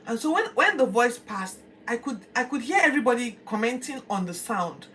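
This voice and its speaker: A woman's voice: a little high, expressive, fairly quick, a bit bright, pitched above the performer's own voice. A woman voicing the apostle Paul as an earnest, pleading grown man, telling his story in the first person, recorded from a distance. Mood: urgent. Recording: distant mic, faint background noise.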